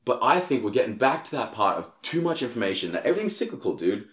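A man with a medium-pitched voice talks quickly in casual conversation, the sound reverberant. He tells stories animatedly and swears heavily.

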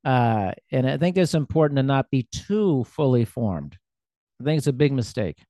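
A man's voice: medium pitch, very animated, moderate pace, dark tone, no room sound, clean studio sound. A man hosting a casual interview, chatty and self-deprecating, with lots of fillers. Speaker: podcast host.

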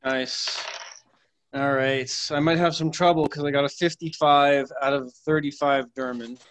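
A man's voice: a little high, steady tone, a little slow, a bit bright. A man as a player in a tabletop game, stating his moves plainly. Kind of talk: casual tabletop play.

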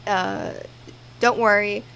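A young woman co-hosting a podcast in casual chat, with a groggy morning voice, relaxed and quick to laugh. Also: mid-range voice, a little hiss or hum, low-quality recording. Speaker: podcast co-host.

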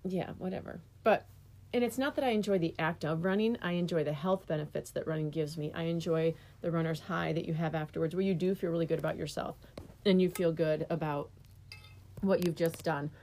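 A middle-aged woman in a lower register tells her stories with cheerful self-mockery. She sounds relaxed, chatting casually with her co-host. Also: a little fast. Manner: self-deprecating, storytelling, talks while eating. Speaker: podcast co-host, mother. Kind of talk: casual chat.

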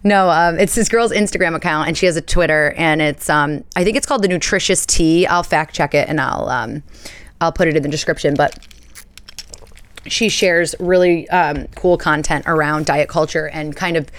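A woman in her thirties from the United States hosts a podcast, chatting casually and telling stories with playful asides. Her voice sits low, with a clean tone and a moderate pace, and there's no echo.

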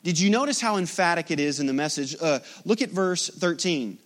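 A man's voice: a little high, expressive, brisk. A man preaching a sermon as pastor, emphatic, with rhetorical repetition.

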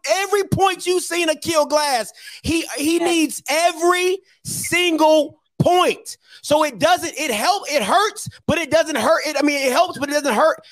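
A man's voice: very high voice, fairly bright tone, no echo. A man hosting a call-in sports show, talking bluntly and repeating himself for emphasis. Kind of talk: argumentative sports call-in talk.

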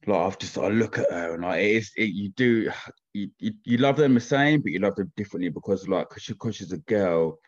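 Deep fast-talking man, rambling. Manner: rambling, keeps asking "do you know what I mean". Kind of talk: casual chat. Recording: dull lo-fi sound.

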